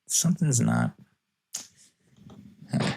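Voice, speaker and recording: A man's voice: slow, darkish tone. A man hosting a casual solo podcast, rambling and joking, often chuckling as he talks. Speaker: podcast host.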